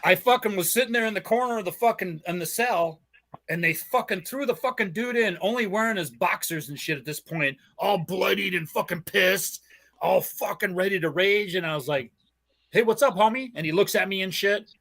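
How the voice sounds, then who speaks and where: High-pitched, brisk, and bright, this man's forceful voice carries rambling, profanity-laden stories on his podcast. He's from Southern California, laughs a lot, and keeps the storytelling chat casual.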